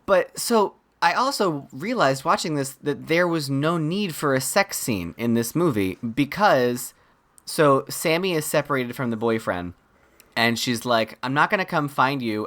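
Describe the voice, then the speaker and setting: A man's voice: medium pitch, measured pace. Man recapping a movie in chatty retelling. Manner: animated retelling, quotes characters in mock voices. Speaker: podcast co-host. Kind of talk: casual comedic movie recap.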